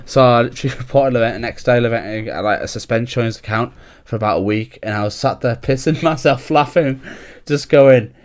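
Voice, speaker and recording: A young man in his twenties hosting a loose, rambling podcast chat. His voice sits at an ordinary middle pitch. He drifts from story to story, swears freely and breaks into laughter as he goes. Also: quick pace, few pauses. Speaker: podcast host.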